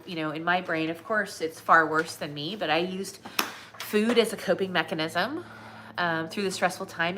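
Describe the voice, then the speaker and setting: A woman's voice: mid-range voice, sharp tone, slight background noise. A woman from Southern California, a weight loss coach, telling a personal story in a chatty way with lots of fillers.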